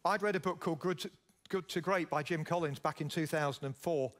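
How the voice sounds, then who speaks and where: A middle-aged man with a Yorkshire accent gives a keynote speech from a conference stage. His voice sits a little high for a man. He talks in a storytelling way and often turns to the audience with questions. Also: a little fast, fairly bright tone. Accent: Yorkshire English. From Yorkshire, England. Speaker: keynote speaker, business founder.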